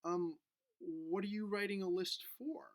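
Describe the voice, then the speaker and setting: Patient man teaching first graders slowly. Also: high-pitched, steady tone, dry recording. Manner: gentle, patient, coaxing. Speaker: elementary school teacher. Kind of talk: video lesson for first graders.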